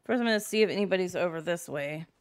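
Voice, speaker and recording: A woman's voice: fairly low pitch, quick pace, clear, resonant tone. A woman chats her way through a video game and laughs now and then. She reads the characters' dialogue aloud in her own everyday voice, with no put-on voices, in a loose, rambling manner. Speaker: gameplay video host. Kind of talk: casual let's-play commentary reading dialogue aloud.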